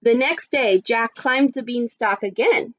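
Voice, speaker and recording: A woman teacher reading a story aloud to children, expressive and adding little asides. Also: a little high, unhurried, lo-fi sound. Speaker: primary school teacher.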